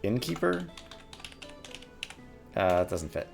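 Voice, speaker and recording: A man's voice: fairly low pitch, sing-song, takes it slowly, gravelly, faint music behind. A man thinking aloud as he plays a word puzzle game, musing and muttering words over to himself at a desk mic. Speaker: gaming YouTuber.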